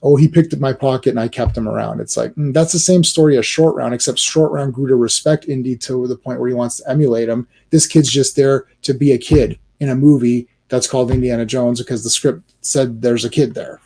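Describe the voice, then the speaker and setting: A man's voice: mid-range voice, steady tone, brisk, hardly any pauses, dark tone. A man hosting a casual livestream, ranting animatedly about movies with many restarts and fillers. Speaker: livestream host.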